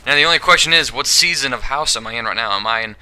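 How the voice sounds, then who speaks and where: A man's voice: medium pitch, fast talker, bright, forceful tone, slight background noise. A young man giving casual, rambling gameplay commentary, joking and giggling as he goes. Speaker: gaming commentator.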